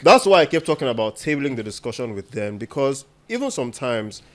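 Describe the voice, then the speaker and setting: A man's voice: medium pitch, very animated, a little fast, crowd noise. A man co-hosting a podcast, chatting casually and reflectively, with many "you know" fillers. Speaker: podcast host. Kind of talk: casual chat.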